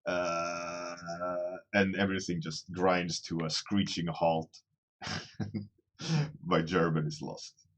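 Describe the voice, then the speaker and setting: A man's voice: sits low, takes it slowly, pauses often, fairly bright tone. A man casually chatting with viewers during a livestream, rambling and self-deprecating, often restarting his phrases as he thinks aloud. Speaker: artist streaming a daily warmup.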